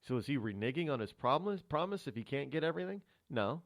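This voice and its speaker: A man hosting a radio talk show, rambling through a solo monologue of political commentary with many restarts. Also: fast. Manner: rambling, restarts often, animated pitch swings. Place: radio studio.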